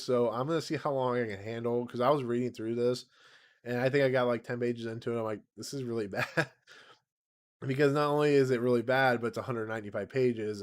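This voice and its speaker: A man in his thirties, slightly raspy, rambles through a casual home livestream at a middling pitch. He laughs often and pokes fun at himself as he talks. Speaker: channel host.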